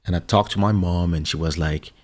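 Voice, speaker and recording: A man from Congo hosting a livestream as a musician, telling a personal story in a relaxed, halting way. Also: low voice. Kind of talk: casual storytelling chat. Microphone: studio microphone.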